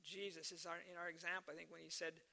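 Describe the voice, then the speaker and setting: Bright, gravelly-voiced male preacher. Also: a little high, level tone, fast talker. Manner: earnest, repeats phrases for emphasis, tells stories. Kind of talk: sermon.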